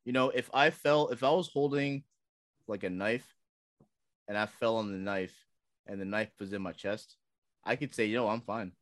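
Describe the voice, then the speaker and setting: A man's voice: fairly low pitch, normal speed, long pauses, a bit bright, no echo, studio quality. A man co-hosting a casual sports podcast, joking and emphatic, repeating words for effect. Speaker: podcast co-host.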